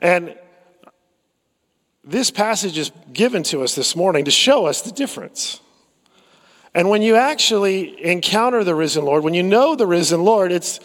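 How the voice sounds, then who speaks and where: A man preaching a sermon, conversational and full of stories, with frequent fillers and repeated words. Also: high voice. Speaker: pastor. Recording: long hall reverb.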